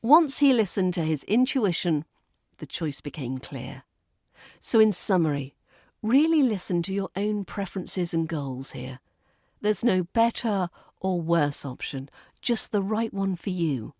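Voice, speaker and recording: A woman with a British accent teaching a pronunciation lesson, saying each word slowly and deliberately. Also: lowish voice, big pitch swings, darkish tone, no room sound, clean studio sound. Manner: slow, deliberate, stresses each word clearly.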